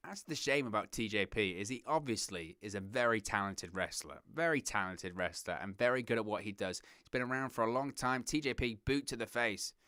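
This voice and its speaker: A young man from southern England with a southern English accent, hosting a wrestling watch-along with excitable play-by-play commentary. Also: on the low side, fairly quick, few pauses, smooth, no room sound, studio quality. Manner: excitable play-by-play, giggles at puns, reads chat.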